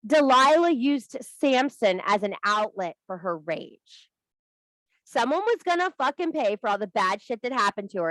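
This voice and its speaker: A woman's voice: on the high side, a bit bright, no room sound, rough recording. A middle-aged woman teaching a group, giving a blunt, profane tough-love talk and laughing at herself now and then. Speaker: spiritual course teacher.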